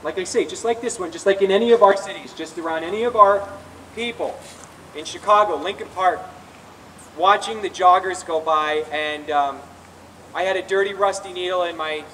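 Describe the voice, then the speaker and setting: Earnest high-voiced man speaking outdoors. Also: moderate pace, fairly bright tone, slight background noise. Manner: earnest and confessional, with frequent restarts. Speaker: speaker at a recovery rally. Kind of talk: personal testimony speech. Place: outdoor rally in a public square. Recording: distant outdoor recording with faint ambience.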